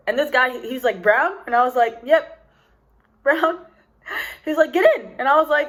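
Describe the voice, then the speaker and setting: A woman's voice: sits high, expressive, moderate pace, long pauses, fairly bright tone. A young woman from the United States telling a rambling, casual story to the camera, full of "like" and "literally". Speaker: vlogger.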